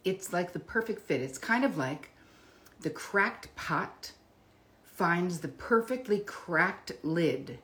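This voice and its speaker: Casting: woman livestream host, low voice, chatty, greets viewers one by one. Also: expressive, slow, a bit bright. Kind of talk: casual live-stream chat.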